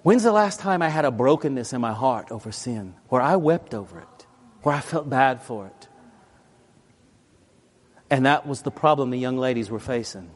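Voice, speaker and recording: A man preaching a sermon as a pastor. He tells personal stories in an animated, emphatic way that swings between loud and quiet. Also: mid-range voice, moderate pace.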